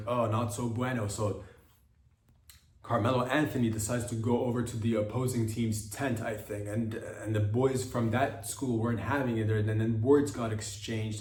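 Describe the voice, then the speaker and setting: A man hosts a comedy podcast alone, rambling through a satirical monologue with halting restarts and mock-serious asides. He sits a little back from the mic in a roomy, echoing space. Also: medium pitch, a little mellow. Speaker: podcast host. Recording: roomy echo, mic at a distance.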